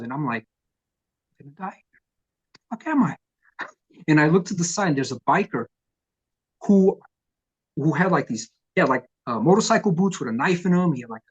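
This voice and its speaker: A middle-aged man, a punk vocalist telling profane, lively stories in an oral history interview. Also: a little high, normal speed, husky, dull audio. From New York. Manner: profane, animated storyteller who acts out quotes.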